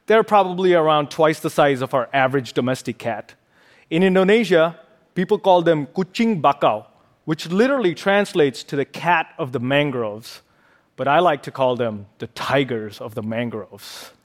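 Male conservationist giving a live stage talk, playful and punning, slightly high voice. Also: normal speed. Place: large auditorium stage.

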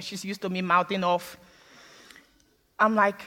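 A woman's voice: mid-range voice, flat delivery, unhurried, pauses often, sharp tone. A woman from Africa telling her own story in a candid, wry talk, slipping into the voices of others. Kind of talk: personal storytelling talk with humor. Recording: long hall reverb.

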